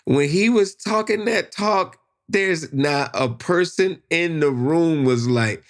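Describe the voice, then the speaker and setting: A man telling a personal story in casual conversation, animated, acting out voices and sound effects. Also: fairly high pitch, takes it slowly. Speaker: podcast guest.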